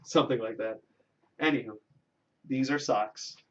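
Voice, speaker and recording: A young man hosts a home-made comedy show, rambling through a deadpan monologue full of fillers and asides. The recording is dull and lo-fi, with the mic placed well away from him. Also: medium pitch, unhurried, slight background noise. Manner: rambling, mock-serious, with many fillers. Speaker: host. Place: home room with a green screen. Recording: dull lo-fi sound from a distant mic.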